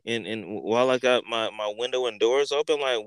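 A man hosting a podcast, telling a story in an animated, profane way, repeating words and acting out what people said. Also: mid-range voice, normal speed, clean tone, no echo. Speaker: podcast host. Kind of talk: casual storytelling.

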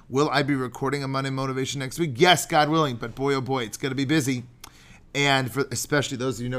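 Chatty, jokey rabbi on a podcast. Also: male voice, mid-range voice, fairly bright tone. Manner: chatty, jokey, digressive, sings out Hebrew prayers. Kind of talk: animated podcast sermon.

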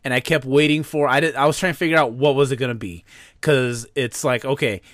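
A man's voice: medium pitch, fairly quick, fairly bright tone, no room sound, clean studio sound. A man co-hosting a podcast about a movie, who laughs often and answers his partner with short agreeing words. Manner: laughs often and backs up the other speaker with short replies. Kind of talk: casual movie discussion.

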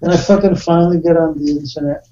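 A man's voice: fairly high pitch, steady tone, fast talker, warm tone, a little hiss or hum. A man co-hosting a podcast in casual chat, rambling with lots of fillers and heavy swearing. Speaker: podcast co-host. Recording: dull lo-fi sound.

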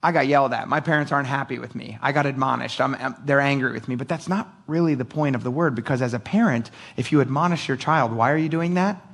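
A man's voice: medium pitch, quick pace, vocal fry, hardly any pauses, a bit bright. A middle-aged male pastor giving a casual, conversational sermon, acting out quotes with lots of energy and laughing often.

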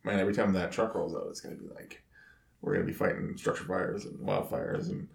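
Gravelly low-voiced firefighter host. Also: male voice, fairly quick, roomy sound. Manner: relaxed, rambling, laughs between words. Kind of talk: casual chat.

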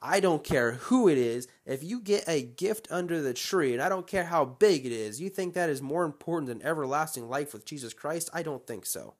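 A man's voice: on the high side, moderate pace, few pauses. A young man hosting a solo podcast, talking in a casual, rambling way and getting fired up as he rants. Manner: animated, rambling, gets fired up and ranting. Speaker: podcast host.

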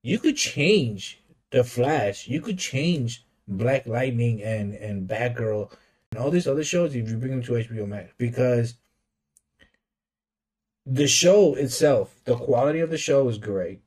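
A man's voice: medium pitch, lively intonation, measured pace, darkish tone. A man co-hosting a podcast in casual chat, enthusiastic and slangy, often repeating his words. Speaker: podcast co-host.

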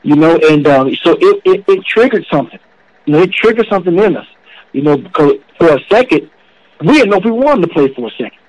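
Casting note: man, earnest storyteller, slightly high voice, dry close sound. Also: big pitch swings, fast, a little mellow, dry recording, poor audio. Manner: earnest, emotional storytelling with many "you know"s. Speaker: former college football player, guest. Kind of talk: storytelling interview talk.

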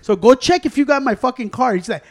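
High-voiced man telling a profane story. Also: fast. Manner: profane storytelling, acts out own quotes. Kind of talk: casual chat.

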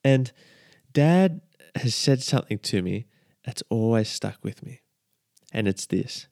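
A man's voice: medium pitch, expressive, takes it slowly, vocal fry, long pauses, darkish tone, no echo, clean studio sound. A man hosting a casual devotional podcast, chatty and repeating his key lines as he checks in with listeners. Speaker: podcast host.

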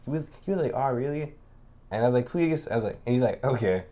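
A man co-hosting a podcast, telling a story in lively casual chat, acting out voices and laughing often. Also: medium pitch, fast talker. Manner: animated storyteller, acts out voices, laughs a lot. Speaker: podcast co-host.

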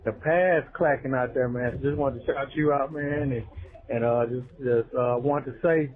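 A man's voice: mid-range voice, fairly even intonation, normal speed, slight background noise. A man leaving a casual voicemail for a sports podcast, easygoing, with lots of fillers. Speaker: voicemail caller. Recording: phone-line voicemail.

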